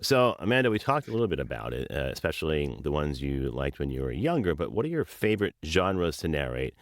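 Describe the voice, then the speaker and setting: Deep voiced guy hosting a podcast, swings his voice all over telling stories, laughs at himself. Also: a little fast, no echo, studio quality. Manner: animated storyteller, laughs at himself. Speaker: podcast host and audiobook narrator. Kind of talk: casual interview chat.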